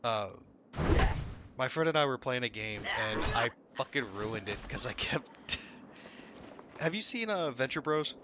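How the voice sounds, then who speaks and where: A man's voice: medium pitch, lively intonation, a little slow, pauses often, noisy background. A man chatting casually while gaming on stream, rambling through stories, swearing and laughing at himself. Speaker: game streamer. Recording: loud game gunfire behind.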